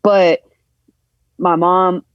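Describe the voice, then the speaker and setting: A woman guest on a podcast, candidly telling a personal story in a halting, emotional way, acting out the voices she quotes. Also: lowish voice, flat delivery, dry recording. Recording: dull lo-fi sound.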